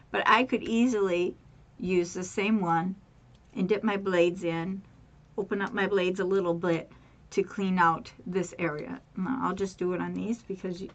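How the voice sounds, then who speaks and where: A woman's voice: mid-range voice, lo-fi sound. Chatty woman demonstrating a craft task. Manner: chatty, repeats words, addresses viewers as guys. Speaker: craft tutorial host. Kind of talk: casual how-to demonstration.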